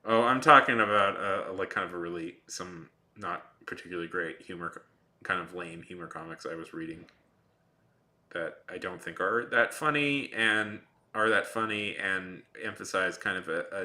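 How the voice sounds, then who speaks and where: A man's voice: low voice, normal speed, bright, forceful tone. A man streaming while he draws, chatting casually to viewers in a rambling, filler-heavy, dryly sarcastic way. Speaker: artist livestreaming while drawing. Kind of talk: casual livestream chat to viewers.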